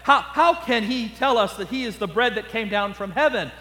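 A man's voice: high voice, animated, moderate pace, bright, forceful tone, big-room sound, voice pushed up, heavily acted. A man voicing a skeptical crowd of listeners, exasperated and arguing back in disbelief. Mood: indignant. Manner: incredulous, arguing back, mock-pleading.

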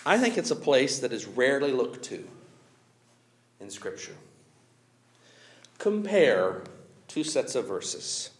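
A male preacher giving a sermon in an animated way, chuckling often and pausing with emphasis. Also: mid-range voice, echoey room.

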